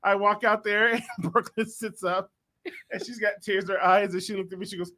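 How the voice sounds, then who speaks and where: A man's voice: high voice, fairly quick. A man chatting casually as a podcast co-host, telling a story about his daughter and acting out the voices with lots of laughter. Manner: animated storyteller, acts out quotes, laughs often. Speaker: father.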